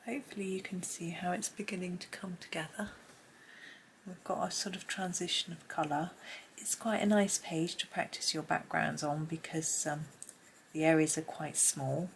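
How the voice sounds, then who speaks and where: Low-voiced woman, gravelly tone. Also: fairly even intonation, normal speed, a little hiss or hum. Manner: chatty and rambling, often trailing into soft asides under her breath. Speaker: colouring tutor. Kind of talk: casual colouring tutorial, talking while drawing. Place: home room with pencils scratching on paper.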